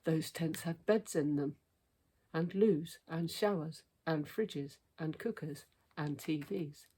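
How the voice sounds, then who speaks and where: A woman's voice: sits low, takes it slowly, warm tone, slightly rough, heavily acted. A woman voicing a stubborn dad who loves plain camping, read aloud in a storybook. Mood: firm. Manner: stern and insistent.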